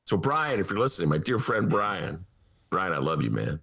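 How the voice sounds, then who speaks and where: A man's voice: low voice, normal speed, vocal fry. A man hosting a talk podcast, chatting casually and joking, often slipping into voices. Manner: animated, jokey, slips into voices and impressions. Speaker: podcast host. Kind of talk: casual talk-show banter.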